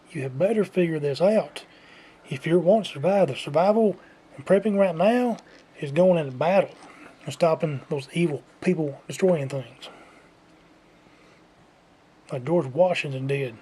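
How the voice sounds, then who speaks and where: A man's voice: a little high, warm tone, slight background noise. A man delivering an unscripted, repetitive lecturing rant to his viewers. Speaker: vlogger. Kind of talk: unscripted ranting monologue.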